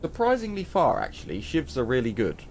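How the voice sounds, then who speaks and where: A man's voice: mid-range voice, huge pitch swings, a little fast, darkish tone, a little hiss or hum. A man giving casual game commentary with muttered asides and a frog in his throat. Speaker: gaming video host. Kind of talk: let's play commentary.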